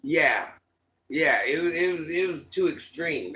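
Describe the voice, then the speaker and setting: A middle-aged man hosting a casual livestream, telling stories and answering his chat in a lively, repetitive way. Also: a little high, measured pace, rough recording. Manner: repetitive, animated storytelling, often restarts phrases. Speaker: livestream host talking to chat viewers.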